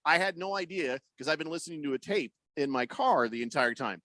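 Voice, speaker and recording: A man's voice: a little high, fairly quick, no room sound. Middle aged radio host guy, rambly storyteller, bouncy voice, dry booth. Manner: rambling storyteller, animated, acts out voices in anecdotes. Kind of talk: casual sports radio chat. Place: radio studio.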